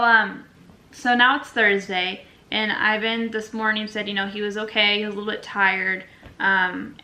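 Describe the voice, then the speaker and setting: Young woman vlogger, bright clear voice, lively storyteller who acts out quotes. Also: medium pitch, low-quality recording. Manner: animated, chatty, acts out quotes. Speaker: vlogger telling a story with her partner. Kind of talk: casual storytime chat.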